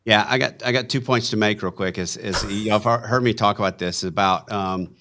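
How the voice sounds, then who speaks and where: A man's voice: on the low side, moderate pace, a crowd in the background. A middle-aged man, chatting on a panel and telling stories, getting worked up as he goes. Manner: animated storytelling, gets worked up. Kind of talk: casual panel chat.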